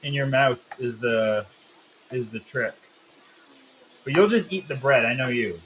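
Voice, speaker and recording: A man's voice: mid-range voice, a little slow, fairly bright tone, slight background noise, low-quality recording. A man hosting a live cooking stream, explaining steps and teasing his co-host in a casual, joking way. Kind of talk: casual live cook-along chat.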